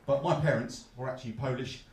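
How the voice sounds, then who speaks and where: A man from London with a Cockney accent, performing a stand-up comedy set with a deadpan, mock-glum delivery and punchlines he pushes up loud. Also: medium pitch, brisk, recorded from a distance. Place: comedy club stage. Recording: echoey club, heard from afar. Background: audience laughter.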